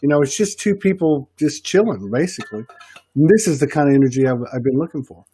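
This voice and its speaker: A man's voice: on the high side, lively intonation, fast, mellow, husky. A man with a Southern US accent hosting a casual podcast chat, rambling with many restarts. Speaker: podcast host.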